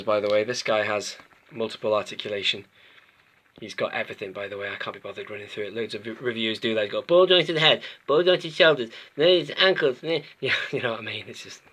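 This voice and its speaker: A man's voice: lowish voice, sharp tone. A man hosting his own toy collecting channel, reviewing figures in a rambling, chatty way that often interrupts itself. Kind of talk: casual review chat to camera.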